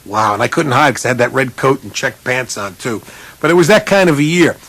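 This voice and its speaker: A college basketball coach telling a self-mocking, animated story in a humorous speech, jumping up in pitch to imitate other people. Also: male voice, a little fast, dry recording. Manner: animated, jumps high for quoted voices.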